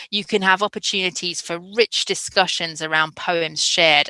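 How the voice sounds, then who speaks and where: A woman's voice: lowish voice, pushed and bright, smooth, no echo, poor audio. A woman, giving an enthusiastic, instructive presentation on teaching literacy at a conference. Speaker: literacy education trainer.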